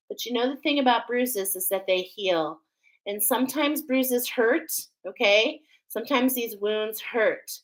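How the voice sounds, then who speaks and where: A woman's voice: medium pitch, fairly bright tone, low-quality recording. A middle-aged woman from Australia doing a casual spiritual oracle card reading, chatting with viewers as friends. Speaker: tarot and oracle card reader.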